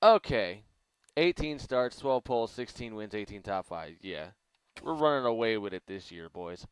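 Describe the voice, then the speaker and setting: A man's voice: lowish voice, lively intonation, moderate pace, smooth, no room sound. A man hosting a gaming channel, giving casual, rambling gameplay commentary and laughing a lot.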